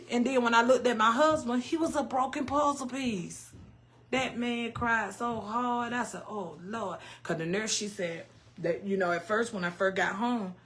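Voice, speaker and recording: A woman in her fifties talking straight to her followers in a bright, forceful voice. She tells her story candidly and with feeling, in easy vernacular speech. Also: fairly high pitch. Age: 50s. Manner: candid, emotional storytelling with Southern Black vernacular. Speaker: cooking vlogger. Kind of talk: casual chat to viewers.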